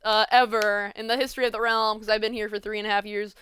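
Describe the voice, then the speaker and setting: Teenage girl, host, fast rambling chat, smooth clear voice, dry close sound. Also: mid-range voice, flat delivery, a bit bright. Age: teens. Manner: rambling, filler-heavy, laughs often. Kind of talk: casual chat.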